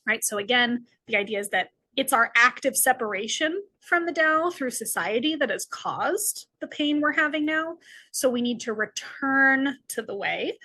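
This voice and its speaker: Bright-voiced woman giving a lecture. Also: fairly high pitch. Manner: frequent tag questions, explanatory. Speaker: philosophy lecturer. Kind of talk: recorded lecture.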